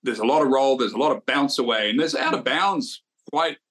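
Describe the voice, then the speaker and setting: A man chatting casually as a golf podcast co-host. He rambles, restarts his sentences, and keeps turning to his partner by name. His pitch sits in the middle range for a man. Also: brisk, a bit bright. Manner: rambling, repeats himself, addresses co-host by name. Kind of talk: casual sports betting chat.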